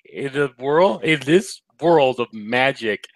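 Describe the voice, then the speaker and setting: A man's voice: medium pitch, lively intonation, slow pace, no room sound. Bantering man, dry close sound. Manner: laughing, playful banter. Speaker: co-host. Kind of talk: casual chat.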